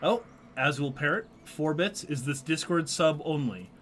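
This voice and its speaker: A man's voice: fairly high pitch, lively intonation, normal speed, a bit bright, a little hiss or hum. A man co-hosting a casual live stream, rambling with many fillers and restarts and reading chat comments aloud. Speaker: streamer co-host.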